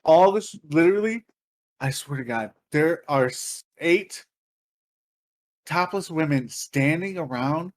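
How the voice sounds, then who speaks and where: A man's voice: fairly high pitch, animated, slow pace. A man on a podcast telling a long story in a casual, profane, laughing way. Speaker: podcast co-host.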